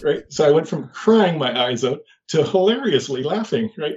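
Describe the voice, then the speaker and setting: An older man telling a personal story in a halting way, with many fillers and restarts. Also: a little high, expressive, darkish tone, dull audio, slight background noise. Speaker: guest.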